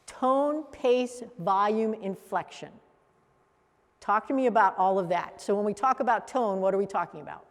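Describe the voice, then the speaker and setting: A woman leading a coaching workshop for a live group, animated and acting out example voices as she teaches. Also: mid-range voice, moderate pace. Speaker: coach trainer. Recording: echoey hall reverb.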